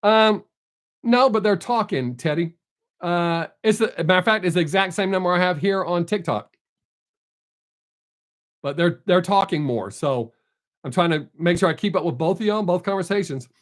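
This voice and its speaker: Male streamer, high voice, blunt and unfiltered, casual chat with viewers. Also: moderate pace, pauses often. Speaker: live streamer.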